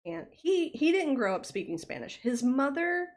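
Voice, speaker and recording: A woman's voice: high-pitched, big pitch swings, moderate pace, darkish tone. A young American woman with a light Southern accent, chatting casually with her viewers on a livestream in a rambling way full of fillers. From United States.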